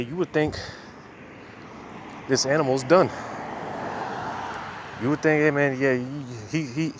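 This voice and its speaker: A man's voice: medium pitch, slight background noise. A man preaching casually outdoors while walking, a little out of breath, in a loose conversational way full of fillers.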